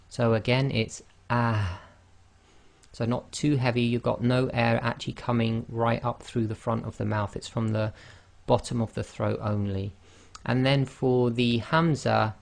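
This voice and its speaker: With a mid-range voice and noticeable vocal fry, a male online Quran teacher walks through how to pronounce Arabic letters. Arabic is not his native language; he demonstrates every sound patiently and says it again.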